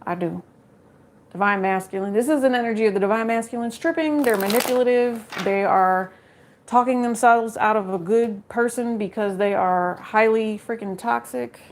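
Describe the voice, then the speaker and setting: A woman's voice: fairly high pitch, moderate pace, slight background noise. A woman giving a casual live tarot reading, chatty and joking with viewers and laughing often. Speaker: tarot card reader.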